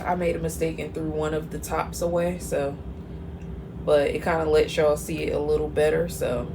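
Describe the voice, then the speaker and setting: A young woman chatting casually in her home kitchen as a mom vlogger. She laughs often and gets teary and sentimental as she talks. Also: sits low. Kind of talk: casual kitchen vlog chat. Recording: noisy home recording.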